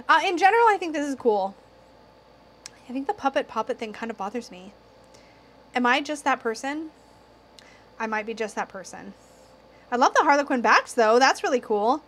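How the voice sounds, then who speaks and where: A young woman reviewing tarot decks in a casual video, slightly tipsy, excitable and giggly, cursing now and then. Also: high-pitched. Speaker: tarot YouTuber.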